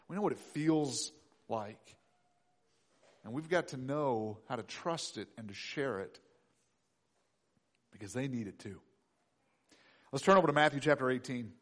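With a fairly high pitch, this preacher drives his sermon home emphatically. He returns to key phrases again and again, alternating between booming and hushed moments.

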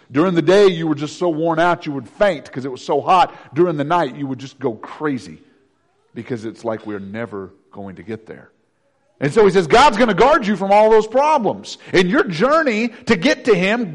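A man preaching a sermon as pastor, swinging between loud declarations and hushed, intimate passages. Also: a little high, in a large hall.

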